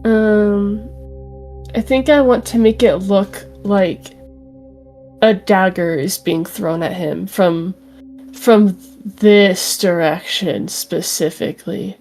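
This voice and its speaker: A woman playing a tabletop game, speaking gently and hesitantly with many fillers. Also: medium pitch, slow, faint music behind. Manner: gentle, hesitant, says "like" often. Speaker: player. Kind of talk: tabletop role-play.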